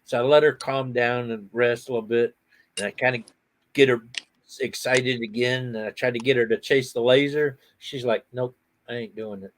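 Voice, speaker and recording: A middle-aged man hosting a casual outdoor chat, telling animated stories and laughing often. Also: medium pitch, normal speed. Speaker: host.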